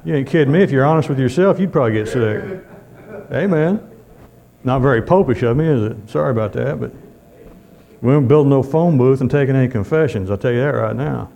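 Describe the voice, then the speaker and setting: A man's voice: medium pitch, brisk, creaky, mellow. A man preaching a sermon in a folksy way, calling out amen often.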